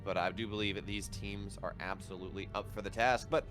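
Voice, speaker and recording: Lower-voiced chatty male esports caster. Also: steady tone, brisk, over music. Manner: chatty, enthusiastic, talks in long run-on stretches. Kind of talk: live game commentary.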